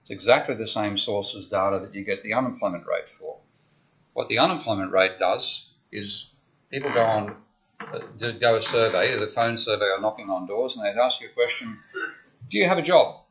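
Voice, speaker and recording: A man with a lowish, bright, forceful voice lectures at a university. He explains each step casually and checks in often with the room. It is captured on a dull, lo-fi recording. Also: brisk. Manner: conversational, explains step by step with frequent "okay?". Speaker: economics lecturer.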